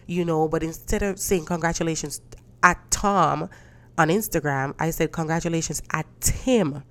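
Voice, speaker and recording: A woman hosting a casual solo podcast, rambling with many restarts and laughs, sounding a bit stuffy. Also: sits low. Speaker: podcast host.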